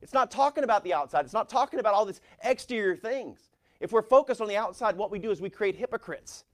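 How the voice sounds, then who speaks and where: Middle-aged male pastor with a slightly high voice, preaching with animated force. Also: fast. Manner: animated preaching, reads scripture aloud with rising force. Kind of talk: sermon.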